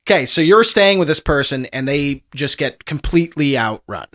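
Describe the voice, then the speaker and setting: A man's voice: on the high side, expressive, moderate pace, a bit bright. A man narrating as game master of a tabletop role-playing game, loose and full of fillers.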